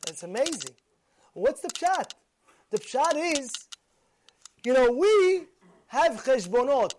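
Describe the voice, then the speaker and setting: A man, a rabbi giving a Torah class, telling a story with lively acted-out dialogue, repeated phrases and Hebrew and Yiddish words mixed in. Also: extremely high pitch, normal speed, a little hiss or hum. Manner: animated, acts out quoted dialogue, repeats phrases.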